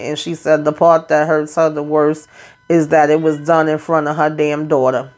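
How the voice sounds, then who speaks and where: A woman's voice: low voice, level tone, moderate pace, a little mellow. A woman hosting a casual reality TV recap, blunt and profane, acting out quotes as she retells scenes. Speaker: YouTube reality TV recap host.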